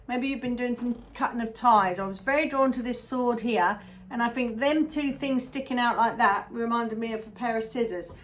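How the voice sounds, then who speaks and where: A woman giving a chatty, animated tarot reading, often checking in with the listener. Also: fairly high pitch, a little hiss or hum. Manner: chatty, animated, keeps asking "yeah?". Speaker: tarot reader.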